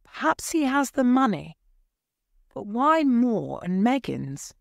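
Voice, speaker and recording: A woman's voice: fairly high pitch, very animated, slow pace, creaky, no echo, clean studio sound, voice pushed up, heavily acted. A woman voicing an anxious old mother in a storybook reading for learners, with a plain, careful reading voice.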